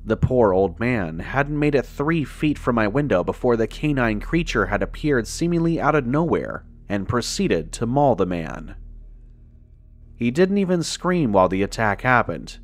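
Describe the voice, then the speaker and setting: A man reading a first-person horror story aloud as a podcast narrator, in a measured, dramatic way that slows down on the grim details. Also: medium pitch, sing-song, faint music behind.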